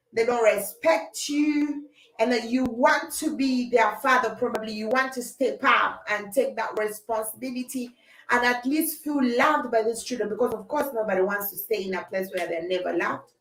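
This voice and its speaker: A woman hosts a casual livestream chat, answering comments as she goes. She is animated, laughs often and acts out arguments. Her voice sits a little high, and the room around her is echoey. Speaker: livestream host.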